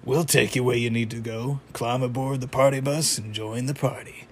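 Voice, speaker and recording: Man doing a creepy mummy bus driver, smooth, inviting. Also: medium pitch, steady tone, moderate pace, a little hiss or hum, lightly acted.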